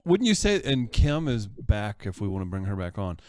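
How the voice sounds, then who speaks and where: A man's voice: on the low side, sing-song, normal speed, a little mellow, no echo, studio quality. A man co-hosting a casual podcast chat, chiming in with supportive, reflective remarks.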